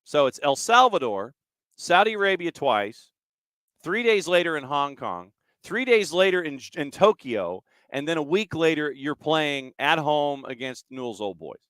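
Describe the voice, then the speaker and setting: Male podcast host, brisk rundown of dates, casual, dry close mic. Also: fairly high pitch, sing-song, fairly bright tone, smooth, dry recording. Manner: brisk, rattles off dates and lists, reads listener comments. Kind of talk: casual chat and news rundown.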